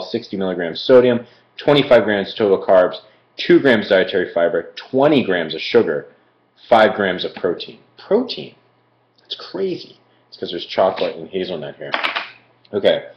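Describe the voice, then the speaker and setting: A man from Philadelphia doing a casual live-stream food review, chatty and rambling, with many fillers and digressions. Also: on the low side. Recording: echoey room, dull lo-fi stream audio.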